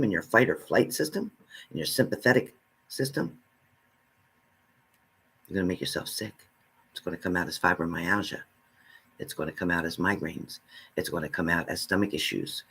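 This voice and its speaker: A man's voice: deep voice, a bit bright, breathy edge. A man giving a spiritual reading, speaking earnestly and straight to the listener, repeating his phrases. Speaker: spiritual reader.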